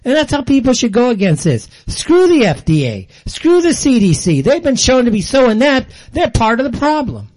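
A man's voice: very high voice, very animated, normal speed, few pauses, a little mellow. An older man hosting a show, delivering an angry, sarcastic monologue in blunt, ranting commentary. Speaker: show host.

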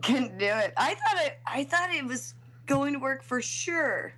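A woman in her thirties co-hosting a casual comedy podcast, sarcastic and quick with judgy asides. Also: high voice, lively intonation, a bit bright. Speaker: podcast co-host.

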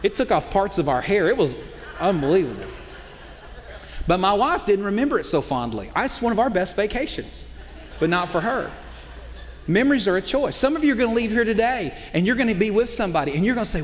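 A middle-aged pastor with a high, very lively voice, preaching in an animated, conversational way. He keeps asking the congregation questions. His voice rings with the long reverb of a church hall. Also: a little fast, slight background noise. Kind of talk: sermon. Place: church auditorium.

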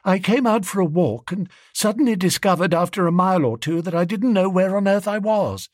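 A man doing a muddled, stammering gentleman. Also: high-pitched, expressive, a little fast, no room sound, clean studio sound, pitched above the performer's own voice. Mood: flustered. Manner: flustered, stammering, wistful. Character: vague, muddled young gentleman.

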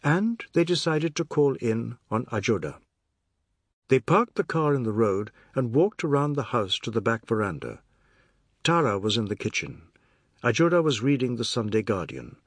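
Man, audiobook narration, husky voice, lively intonation, dry studio sound. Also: mid-range voice, normal speed, no echo.

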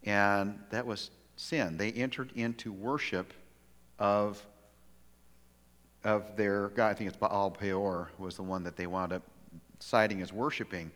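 A man preaching a sermon as pastor, telling a story in a lively way with many restarts. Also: fairly low pitch, a little slow. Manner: animated storytelling with frequent restarts. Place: church sanctuary. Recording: long hall reverb.

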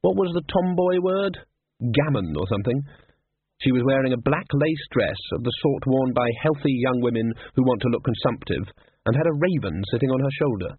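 A man narrating a story in a brisk, wry storytelling manner, in a tinny lo-fi recording. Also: mid-range voice, lively intonation, breathy edge, no echo. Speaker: audiobook narrator. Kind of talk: scripted narration.

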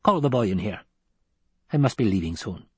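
A man's voice: lowish voice, lively intonation, moderate pace, breathy edge, dry recording. Man doing a stern old woman elder. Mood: commanding. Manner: commanding and clipped, softening at times. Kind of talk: audiobook character reading.

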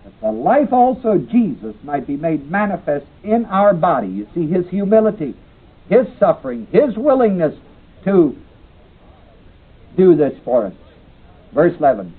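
Reading scripture aloud and then asking his class questions, a man teaches a Bible lesson in a fairly high, sing-song, slightly rough voice at normal speed. The recording is an old, tinny tape.

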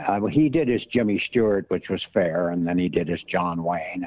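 An older man, an impressionist, telling showbiz anecdotes in a halting, storytelling way over a tinny line. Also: fairly low pitch, very animated, dry recording. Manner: anecdotal, halting with many restarts. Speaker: impressionist guest. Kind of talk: casual interview storytelling. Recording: tinny phone-like line, dry.

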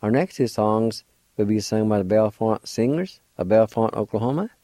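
In a fairly low, warm voice with no room sound, a radio show host teaches language. He spells each word deliberately letter by letter and says it patiently, encouraging his listeners.

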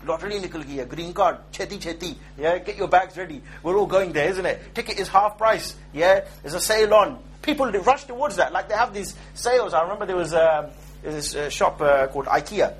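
High-voiced joking male preacher. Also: lively intonation, brisk, a little hiss or hum. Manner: conversational, joking, keeps asking "yeah?". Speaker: Islamic preacher. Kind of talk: informal religious lecture.

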